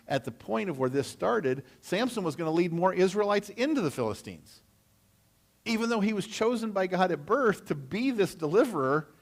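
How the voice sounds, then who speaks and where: A male pastor preaches in a church, retelling a story as if chatting with the congregation. His voice sits in a middle range. He slips into quick voices for the people in the story. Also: medium pitch. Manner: conversational storytelling, acting out voices. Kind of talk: sermon. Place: church sanctuary.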